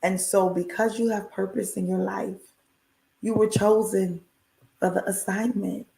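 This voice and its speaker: A woman's voice: medium pitch, fairly even intonation, a little slow, creaky, reverberant, background noise. A woman giving an encouraging faith talk on a livestream, emphatic and repetitive, with a preacher-like cadence and folksy asides. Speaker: inspirational speaker.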